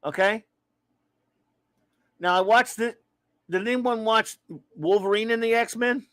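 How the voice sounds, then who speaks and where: High-voiced chatty man, dry close sound. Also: takes it slowly, a bit bright, dry recording. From Louisiana. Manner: rambling, opinionated, friendly with viewers. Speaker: livestream comics talk host. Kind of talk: casual live-stream chat reading viewer comments.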